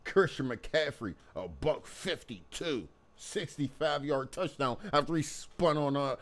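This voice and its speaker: A man's voice: medium pitch, expressive, unhurried. A young man hosting his sports channel, ranting angrily to camera about his team's loss. He curses freely and repeats himself when he gets worked up. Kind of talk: angry sports fan rant to camera.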